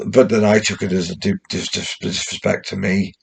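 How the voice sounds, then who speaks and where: A man talking in a rambling, casual monologue, often swearing and restarting his sentences, with a gravelly, husky voice. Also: deep voice, flat delivery, moderate pace. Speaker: commentator.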